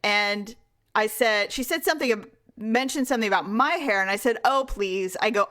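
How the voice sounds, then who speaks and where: Lively storytelling woman, bright voice. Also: on the high side, moderate pace. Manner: animated storytelling, acts out quoted voices, laughs often. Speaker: podcast co-host. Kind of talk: casual chat.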